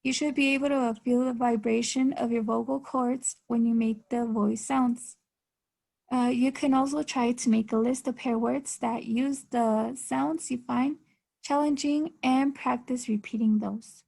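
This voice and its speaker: A young woman student giving a class presentation, explaining in a halting way with restarts. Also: fairly high pitch, steady tone, creaky, darkish tone.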